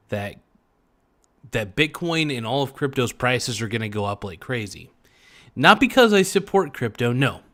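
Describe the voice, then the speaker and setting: Speaking into a desk mic during a casual livestream, a mid-pitched male host jokes and rambles. He stretches some words out slowly, then erupts into loud bursts.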